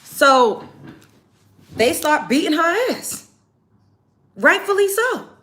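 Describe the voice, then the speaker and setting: A woman's voice: extremely high pitch, big pitch swings, takes it slowly, sharp tone. A woman hosting a livestream, retelling events to her chat in a heated, profane, emphatic rant. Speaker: livestream host.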